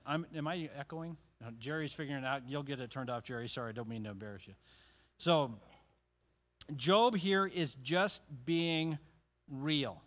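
A man's voice: a little high, normal speed, fairly bright tone. Casual, chatty male Bible study leader. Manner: casual, self-interrupting, joking asides. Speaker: pastor leading Bible study. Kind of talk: conversational Bible study teaching.

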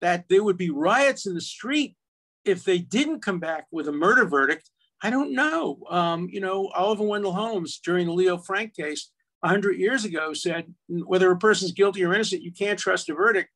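A man's voice: high voice, animated, normal speed, a bit bright. An older man, an attorney and law professor, arguing emphatically in casual conversation with frequent restarts.

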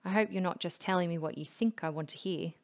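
A woman voicing a calm male psychiatrist who questions in a measured, coaxing way, in a storybook reading. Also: high-pitched, creaky. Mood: probing.

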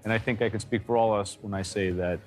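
Brief: male judge, lowish voice, blunt and harsh, music bed. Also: fairly even intonation, fast talker. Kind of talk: judging on a cooking show. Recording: music bed under speech.

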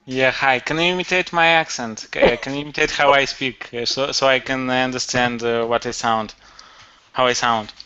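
A man's voice: mid-range voice, fairly even intonation, normal speed, bright, forceful tone, clear, resonant tone. A man student joking with the teacher, stumbling and restarting, over a video call. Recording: muffled video call audio.

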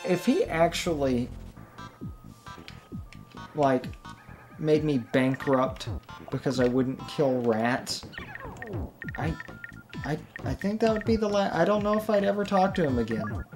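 A man's voice: on the high side, measured pace, pauses often. A young man rambling through casual, self-deprecating commentary while playing a video game, often laughing at his own jokes. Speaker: let's play gamer. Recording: game music playing underneath.

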